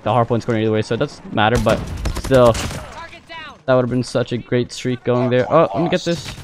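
A young man giving live commentary over his own gameplay, excitable, jumping between loud outbursts and muttered callouts. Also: medium pitch, background noise. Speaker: gaming YouTuber. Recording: music playing under gunfire.

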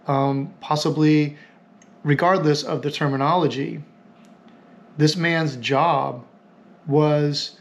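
A man hosting a podcast, telling a story in a reflective, halting way and repeating phrases as he thinks aloud. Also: fairly high pitch. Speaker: podcast host.

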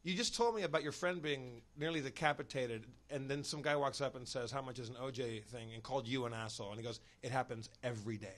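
A man's voice: medium pitch, fast talker, hardly any pauses. A man telling a story on a podcast in a casual way, acting out the people he quotes. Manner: animated, acts out quotes. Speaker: podcast guest.

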